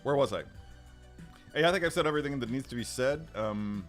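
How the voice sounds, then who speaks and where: Hosting a relaxed livestream, a middle-aged man with a mid-range voice talks briskly with lively intonation. He rambles, restarts often, and chuckles softly while going through the chat. He uses a studio microphone, and faint background music plays.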